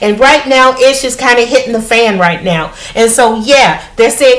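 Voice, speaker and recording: A middle-aged woman from the United States giving a casual spiritual tarot reading, chatty and animated, often checking in with "okay?". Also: fairly high pitch, normal speed, few pauses, low-quality recording. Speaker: tarot reader.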